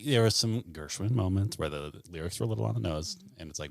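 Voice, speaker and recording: A man's voice: sits low, quick pace, creaky. A man co-hosting a podcast, joking and rambling in casual chat, often trailing off into a mutter. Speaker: podcast co-host.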